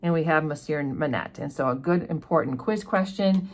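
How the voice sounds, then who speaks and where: A woman teacher talking through a classic novel in a loose, chatty way, with many fillers and quick quoted lines from the characters. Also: low voice. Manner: briefly puts on plain character voices when quoting dialogue. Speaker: literature teacher. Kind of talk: casual book discussion.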